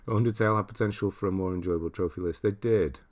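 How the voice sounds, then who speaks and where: A man's voice: sits low, fairly quick. A man from Britain hosting a casual livestream, reading viewer comments aloud and laughing often. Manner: chatty, laughs often, reads chat aloud. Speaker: livestream host.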